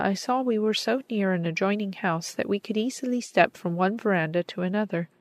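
A woman narrating an audiobook in a measured, gentle manner. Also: mid-range voice, no echo. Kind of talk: audiobook reading.

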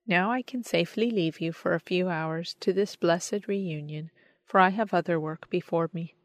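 Woman narrator voicing a gentle, wise male guide; calm, low, dry close read. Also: moderate pace, no room sound, lightly acted. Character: kindly, wise adult man guiding newcomer.

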